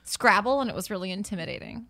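A woman's voice: medium pitch, very animated, fast talker, gravelly, bright, forceful tone, dry recording. An American woman who is not British, a guest on a casual podcast, rambling along with a giggly manner. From America, not Britain. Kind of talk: casual chat.

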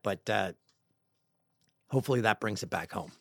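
A middle-aged man hosting a casual podcast, reading listener emails aloud with playful, jokey, rambling asides that swing between loud bursts and quiet mutters. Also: fairly low pitch, normal speed, creaky, pauses often, dry recording, clean studio sound. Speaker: podcast host.

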